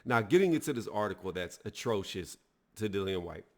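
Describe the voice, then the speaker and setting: A man's voice: on the low side, expressive, a little fast. A man giving blunt, heated opinion commentary on a sports news story, talking casually to his viewers. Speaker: boxing video reviewer.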